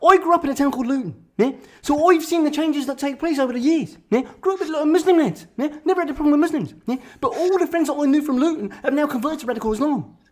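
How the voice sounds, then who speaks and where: A man doing a parody impression of an activist, telling absurd stories in deadpan and tagging nearly every sentence with a questioning "yeah?". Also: very high voice, quick pace, hardly any pauses, voice pushed up. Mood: earnest deadpan.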